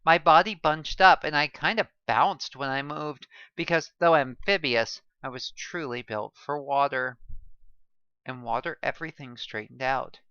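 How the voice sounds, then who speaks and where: A woman reading a first-person novel aloud in a calm, even storytelling manner. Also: deep voice, measured pace, clean tone, dry recording, highs cut off. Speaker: story reader.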